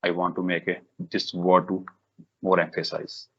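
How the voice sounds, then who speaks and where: A man leading a live software tutorial for a workshop, talking in halting bursts with many fillers, restarts and repeated "okay"s. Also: sits low, completely flat delivery. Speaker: workshop instructor. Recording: dull lo-fi recording.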